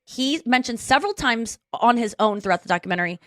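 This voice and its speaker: A woman's voice: fairly high pitch, lively intonation, quick pace, fairly bright tone, no room sound. Woman podcast host, casual rambling chat, lots of restarts, dry room. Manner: chatty, rambling retelling with restarts.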